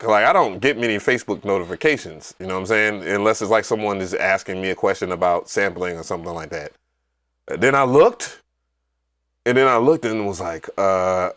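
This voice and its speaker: A man hosting a casual livestream, telling stories in an animated, profane way with loud excited outbursts. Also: medium pitch, a little fast. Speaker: livestream host.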